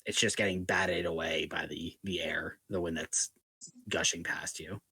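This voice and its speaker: Low-voiced man narrating as game master. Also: fairly even intonation, moderate pace, pushed and bright, husky, dry recording. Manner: descriptive, loose, filler-heavy.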